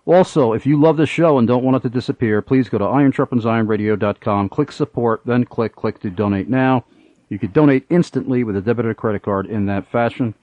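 A man's voice: mid-range voice, fairly quick, dry recording, dull audio. A middle-aged man hosting a Christian radio talk show, speaking earnestly with many fillers.

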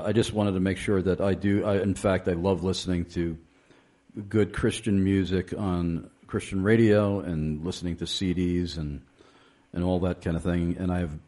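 A man hosting a radio interview, talking in a deliberate way with frequent pauses and fillers. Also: deep voice, darkish tone. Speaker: radio show host. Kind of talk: interviewing a guest on a radio show.

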